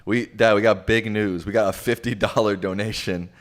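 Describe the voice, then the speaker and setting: A man hosting a casual livestream, relaxed and reading viewer questions aloud to his guest. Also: fairly low pitch, moderate pace. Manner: casual, relaxed, with frequent fillers.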